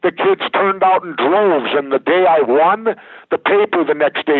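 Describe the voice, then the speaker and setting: A man's voice: a little high, animated, normal speed. An older man, a guest in a political interview, talking bluntly and with emphasis over a phone line. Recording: tinny dry phone line.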